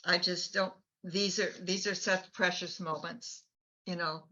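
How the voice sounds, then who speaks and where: A woman hosting a storytelling event over a video call, speaking haltingly with fillers. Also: lowish voice, steady tone, pushed and bright. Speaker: host. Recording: dull lo-fi video call audio.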